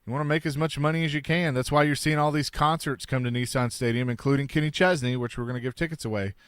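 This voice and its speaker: A man hosting sports talk radio, reading listener texts and giving brisk opinions. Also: mid-range voice, fairly even intonation, smooth, no echo, clean studio sound.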